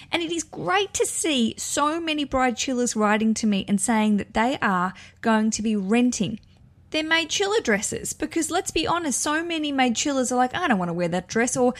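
A young woman hosting a podcast in a casual, chatty way, enthusiastic and full of playful self-correcting asides. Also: mid-range voice. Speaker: podcast host.

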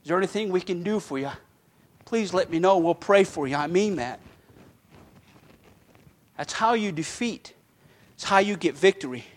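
Fervent high-voiced male pastor preaching. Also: animated, moderate pace, long pauses. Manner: fervent preaching, rising loud then dropping soft. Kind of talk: sermon.

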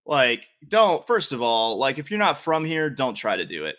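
A man with a Southern drawl hosts a sports chat, his voice bright and forceful. He rants hard, swears freely and gets animated, jumping up in pitch when worked up. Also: normal speed. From Southern US (Louisiana). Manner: profane, animated ranting. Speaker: podcast host.

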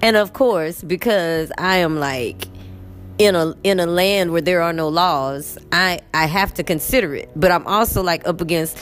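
Brief: Texan woman teacher, lower-pitched, chatty storyteller, soft music faint underneath. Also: unhurried. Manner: animated, chatty, acts out quotes. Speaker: English teacher. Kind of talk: casual storytelling vlog. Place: in bed at home.

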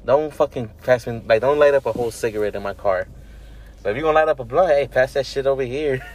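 A man's voice: mid-range voice, fast. A young man co-hosting a casual podcast from a car, joking, swearing and laughing often. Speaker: podcast co-host.

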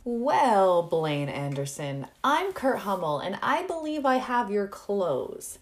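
A sharp young college man with a teasing, slightly defensive edge, as a woman reads him aloud. He speaks in a raised, lively voice, taking his words slowly and deliberately. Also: mid-range voice, voice pushed up. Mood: playful. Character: poised, quick-witted young male college student.

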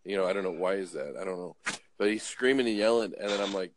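A man's voice: low-pitched, fast talker, slight background noise. A man who drives trucks, telling jokey, rambling stories in a casual chat. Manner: rambling, jokey, lots of uh and restarts. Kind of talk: casual joking storytelling.

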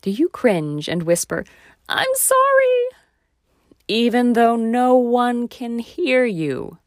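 This is a medium-pitched woman recorded cleanly in a dry studio. Speaking right to her viewers, she reflects in a self-deprecating way and asks them questions she doesn't expect answered.

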